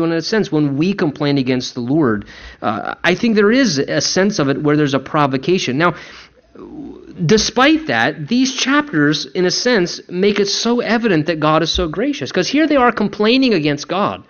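Higher-voiced man preaching, lo-fi sound. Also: sing-song, moderate pace, a bit bright. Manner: conversational, acts out quoted voices. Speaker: pastor. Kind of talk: sermon. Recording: dull lo-fi recording.

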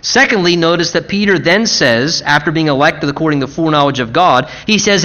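A man preaching a sermon, with emphatic repetition, slowing down for stress and rushing through quick asides. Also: fairly high pitch, expressive, pushed and bright, highs cut off. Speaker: pastor.

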